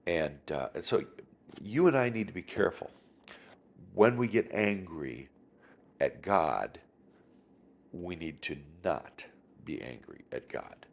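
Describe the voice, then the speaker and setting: A man, a pastor, teaching through a Bible passage in a conversational way, pausing and restarting and putting questions to his listeners. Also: deep voice, expressive, vocal fry.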